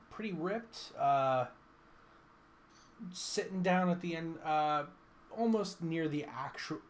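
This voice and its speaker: A man's voice: a little high, slight background noise. A man narrating as game master in a tabletop game, talking casually and rambling, often breaking into laughter.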